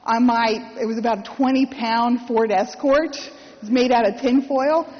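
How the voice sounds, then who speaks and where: Woman, priest, sermon, wry storytelling, high voice, long church echo. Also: fairly even intonation, normal speed, dull audio. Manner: storytelling with wry humor and acted quotes.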